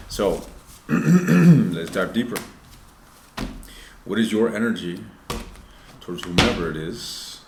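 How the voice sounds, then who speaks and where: A man's voice: deep voice, echoey room, heavy background noise. A man giving a casual, loose tarot reading, swearing freely and talking straight to his viewers. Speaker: tarot reader.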